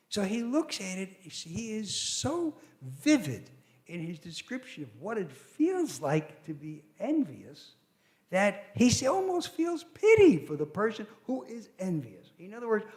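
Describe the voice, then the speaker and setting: An older man giving an academic lecture, telling stories animatedly with quoted voices and asides. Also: high voice.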